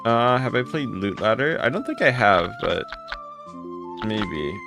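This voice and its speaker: A young man streaming live, greeting his chat and thanking viewers for gifts, with his voice jumping high when he gets excited. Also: measured pace, vocal fry. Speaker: livestreamer. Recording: music playing behind.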